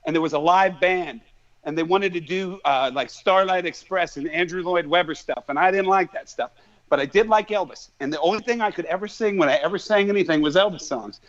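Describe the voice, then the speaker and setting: A man guest on a podcast, an excitable storyteller who rambles from one anecdote to the next. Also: high-pitched, brisk. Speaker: musician guest. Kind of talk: casual chat. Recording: dull lo-fi podcast audio.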